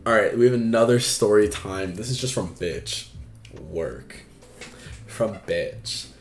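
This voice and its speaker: A man's voice: lowish voice, takes it slowly, roomy sound, faint music behind. A man hosting an advice livestream, talking frankly and casually with lots of fillers and swearing. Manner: frank and chatty, swears freely, many fillers. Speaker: advice stream host.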